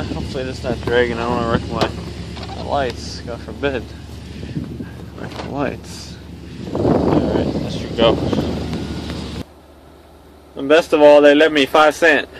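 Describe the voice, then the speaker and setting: A man's voice: on the high side, heavy background noise. Griping man narrating from a truck. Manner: griping, sarcastic running commentary. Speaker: tow truck driver. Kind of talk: casual vlog chat while driving.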